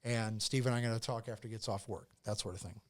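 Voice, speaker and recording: A man's voice: fairly low pitch, fairly even intonation, fast talker. A man as a podcast guest, telling a long casual story with lots of fillers, restarts and swearing.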